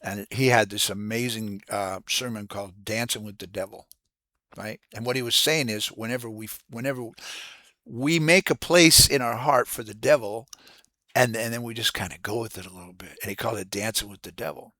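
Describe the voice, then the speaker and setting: A man giving an earnest, casual devotional talk, halting and restarting as he repeats words. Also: lowish voice, bright, forceful tone, no room sound. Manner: earnest, preacherly. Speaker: host of a Christian devotional channel.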